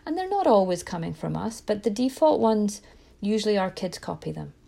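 Earnest woman giving parenting advice, mellow voice. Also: medium pitch, very animated, brisk, vocal fry. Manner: earnest, reflective, with small restarts. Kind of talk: direct-to-camera parenting talk.

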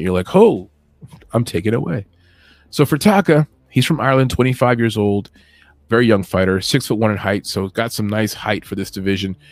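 An American man hosting an MMA podcast, giving casual fight predictions with a chatty manner, joking asides and bursts of animated emphasis. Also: lowish voice, no room sound. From United States.

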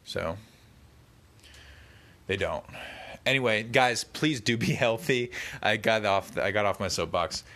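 Low-voiced man rambling late at night. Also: unhurried, pauses often, pushed and bright. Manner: rambling, tangent-prone, mock-quotes people. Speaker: vlogger. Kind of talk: casual late-night monologue. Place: at home at night.

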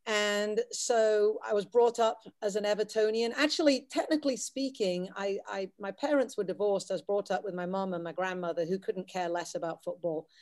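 Chatting as a podcast guest, this middle-aged woman from the Wirral in England teaches English and has a light Scouse accent mixed with American. She speaks at a moderate pace with hardly any pauses, in a steady, medium-pitched, darkish voice. Her manner is self-deprecating and chatty, full of restarts.

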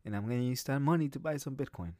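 Male podcast host, casual solo monologue, blunt, profane, rambling, mid-pitched voice, dry recording. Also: rapid-fire, mellow, no room sound.

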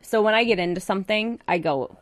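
A woman's voice: mid-range voice, fairly quick, no room sound. A woman in casual chat, rambling with lots of fillers.

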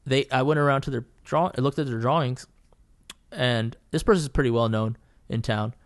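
A man in casual podcast chat, telling a story from his painting days at a mid-range pitch. He rambles along, swears often, and keeps circling back to restart his sentences. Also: moderate pace. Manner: profane, rambling, full of fillers and restarts.

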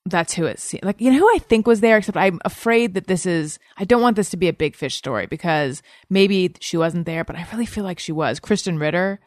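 Lower-voiced woman podcast host. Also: brisk, hardly any pauses, dry recording, studio quality. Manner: wry, self-deprecating, hedging asides. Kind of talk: casual podcast chat.

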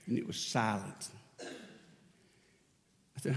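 Storytelling pastor in a reverberant church. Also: male voice, mid-range voice, lively intonation, slow, creaky, long pauses. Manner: storytelling preacher, acts out dialogue with raised voice. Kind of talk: sermon. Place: church sanctuary.

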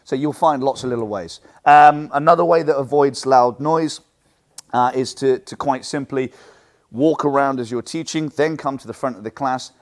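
Animated martial arts instructor man. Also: mid-range voice, normal speed. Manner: animated, acts out what students and teachers say; loud projecting voice from the diaphragm. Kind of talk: teaching talk to fellow instructors.

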